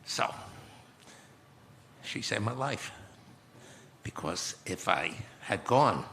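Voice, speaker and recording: A man in his nineties, speaking as a conference guest and recounting memories in a measured, reflective way with pauses. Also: lowish voice, big pitch swings, creaky, pushed and bright, slight background noise. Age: 90s. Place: conference stage.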